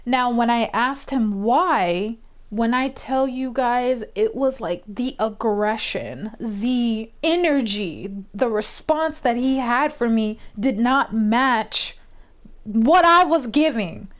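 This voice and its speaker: A high-voiced woman streamer tells a story casually over a desk microphone. She swears freely and gets animated, building to heated outbursts. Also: takes it slowly. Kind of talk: casual storytime while gaming.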